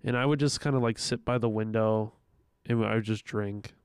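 Young guy on a podcast, smooth clear voice, super dry close mic, doing voices when he tells stories. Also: lowish voice, normal speed, no echo. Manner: animated storytelling, acts out quoted voices, swears a lot. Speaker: podcast co-host. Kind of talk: casual podcast chat.

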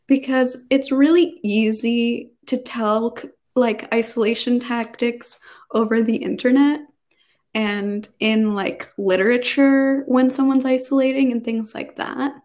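A woman's voice: on the high side, darkish tone. A young woman co-hosting a casual podcast, chatting with lots of fillers. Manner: chatty, many fillers, reads passages aloud. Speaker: podcast co-host.

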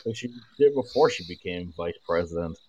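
A man's voice: low voice, lively intonation, fairly quick, crowd noise, low-quality recording. A man co-hosting a casual podcast, adding short wry remarks. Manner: brief wry interjections. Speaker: podcast co-host. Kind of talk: casual political podcast chat.

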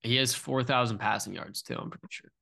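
A man's voice: medium pitch, steady tone, a little fast, gravelly, pushed and bright, husky. A young man co-hosting a sports podcast, talking casually, nervous and stammering, often repeating himself. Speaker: podcast co-host.

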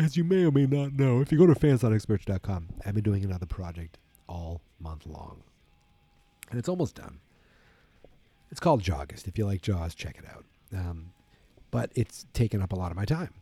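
A man talks in a low, deep, very dark voice that sounds a little husky. He rambles casually and tiredly, full of fillers and false starts. The recording is dry and close. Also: no room sound. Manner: rambling, lots of fillers and restarts. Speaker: wrestling podcast host. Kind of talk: casual solo commentary.

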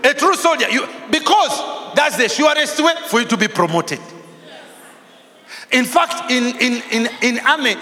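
A pastor preaches in a lively, storytelling way, acting out each voice and rising to shouts. His voice sits high and bright for a man. It rings through a large hall with a long echo and faint music underneath. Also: a little slow. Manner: animated, acts out dialogue, shouts for emphasis.

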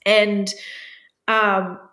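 A woman appearing as a guest shares a candid personal story in a reflective, open way, using a brighter voice when she acts out things she once said. Her voice sits in the mid range with a level tone and drawn-out words. The room sounds echoey.

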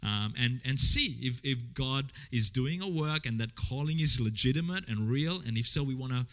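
A man's voice: medium pitch, animated, normal speed, sharp tone. A man leading a church service who introduces the next speakers in an informal way. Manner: informal, with fillers and restarts while he introduces speakers.

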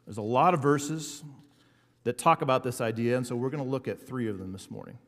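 A man's voice: mid-range voice, a bit bright. Earnest male pastor in a reverberant hall. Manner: earnest, slows down and builds in emphasis. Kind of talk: sermon.

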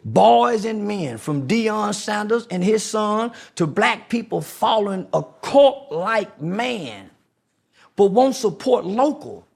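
High, gravelly man ranting hard. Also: big pitch swings, slow. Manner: preachy, confrontational, repeats rhetorical questions; mocking impressions in a raised voice. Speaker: guest. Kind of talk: heated podcast interview.

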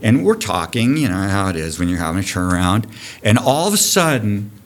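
Brief: deep-ish man in his fifties, podcast guest, swings his pitch widely, swears freely. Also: a little fast. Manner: animated, profane storyteller who acts out shouting. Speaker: dive program director, guest. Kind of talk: storytelling on a podcast.

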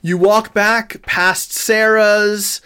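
Fast-talking man running a tabletop game. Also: high voice, flat delivery, bright, forceful tone, smooth. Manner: quick, conversational, with restarts and laughs. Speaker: game master. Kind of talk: narrating a tabletop game and voicing NPCs.

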